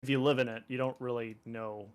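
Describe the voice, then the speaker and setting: A man's voice: medium pitch, steady tone, brisk, smooth. Rambling Canadian man chatting on stream. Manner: rambling, joking, heavy fillers. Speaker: artist and streamer. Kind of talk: casual chat while drawing.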